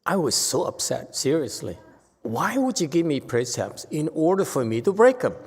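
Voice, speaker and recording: Male Buddhist teacher, animated dharma talk, long temple-hall reverb. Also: on the high side, normal speed, breathy edge. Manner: animated, emphatic, voices dramatic quotes. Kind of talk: dharma lecture.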